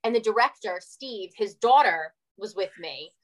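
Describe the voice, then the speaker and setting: Woman in her 40s on a podcast, lively storyteller, cusses a lot, mid voice. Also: medium pitch, normal speed, poor audio. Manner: animated, swears freely. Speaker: guest, former reality TV cast member. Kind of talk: casual podcast chat, storytelling.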